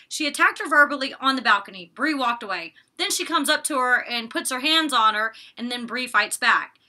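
A woman's voice: sits high, animated, brisk, sharp tone. A young woman recapping a reality show in a casual vlog, chatty and opinionated, cursing freely as she acts out what the cast said. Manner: chatty and opinionated, recaps scenes with quoted lines, curses casually.

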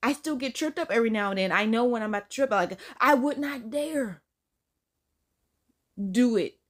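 Woman reaction host, casual and incredulous, higher voice, very lively pitch. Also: moderate pace. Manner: chatty, incredulous, talks straight to viewers.

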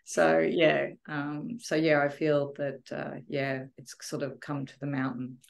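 A woman giving a heartfelt, emotional testimonial about a retreat, often pausing to search for words. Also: low voice, little pitch movement, gravelly. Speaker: retreat guest.

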